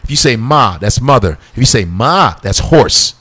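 A male guest comedian bantering casually on a comedy show, animated and playful. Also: medium pitch, normal speed, husky. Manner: animated, playful, breaks into fake foreign languages.

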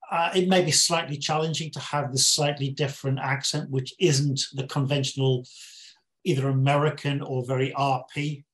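British man reviewing a film. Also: on the high side. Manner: measured, explanatory, plain-spoken. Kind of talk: casual interview chat.

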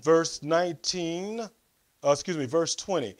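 A man's voice: on the high side, normal speed. A male pastor preaching a sermon, reading scripture aloud, adding comments and giving the congregation instructions.

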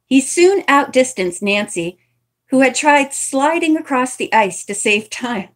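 A woman's voice: sits high, animated, unhurried. A woman reading a novel aloud in a casual way, with chatty asides between passages. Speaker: reader.

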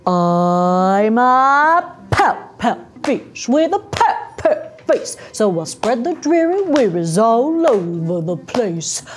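A woman's voice: fairly high pitch, sing-song. A woman doing a glum, pouting fish. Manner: drawn-out, mopey sing-song with bubbling blubs. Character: glum, gloomy male fish who pouts and moans.

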